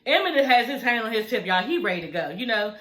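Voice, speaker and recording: Woman, casual show recap, slangy and animated, bright edge, echoey room. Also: fairly high pitch, fast. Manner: animated, slangy, swears freely, acts out quoted lines. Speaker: reality TV recap vlogger.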